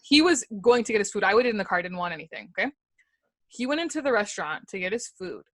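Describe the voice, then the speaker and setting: A woman's voice: medium pitch, big pitch swings, quick pace, a bit bright, dry recording. A young woman co-hosting a podcast, telling a story in casual chat, heated and swearing freely. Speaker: podcast co-host.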